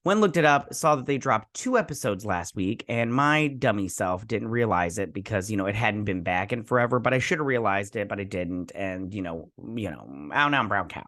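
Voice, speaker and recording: A man's voice: on the low side, expressive, fairly quick, few pauses, fairly bright tone, no echo, clean studio sound. A man hosting a TV episode review channel, talking casually in a frustrated, rambling way full of fillers and restarts.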